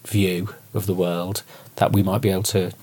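A man's voice: low voice, flat delivery, normal speed, a little mellow, a little hiss or hum. A man hosting a conversation, asking thoughtful, somewhat hesitant questions. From immigrant to his city. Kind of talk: conversational interview.

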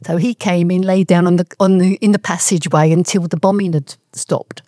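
Older woman, low and mellow, telling family memories in halting, meandering stretches. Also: steady tone, dry recording, clean studio sound. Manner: rambling, halting storyteller. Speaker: interviewee. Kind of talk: oral history reminiscence.

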